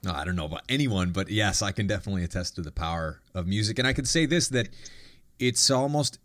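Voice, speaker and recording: A man's voice: on the low side, expressive, fast talker, fairly bright tone, no echo. Reflective man hosting, dry sound. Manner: reflective, thoughtful, with restarts. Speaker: podcast host. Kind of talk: conversational interview.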